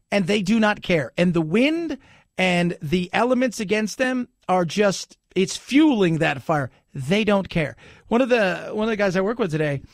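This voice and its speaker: A man's voice: high-pitched, creaky, no echo, studio quality. A man hosting a talk radio show, giving opinionated commentary and hammering points home by repeating them. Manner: emphatic, repeats points for effect. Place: radio studio. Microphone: studio microphone.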